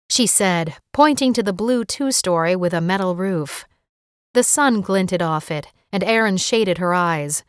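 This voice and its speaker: A woman's voice: medium pitch, animated, measured pace, clean tone, no room sound. Woman reading suspense, dry close sound. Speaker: audiobook narrator. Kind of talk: scripted narration.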